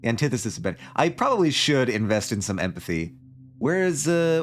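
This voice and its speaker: A man's voice: on the low side, sing-song, moderate pace, faint music behind. A man livestreaming a story game, reading it aloud and joking along in a rambling, casual way. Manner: joking, rambling, with frequent laughs. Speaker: streamer.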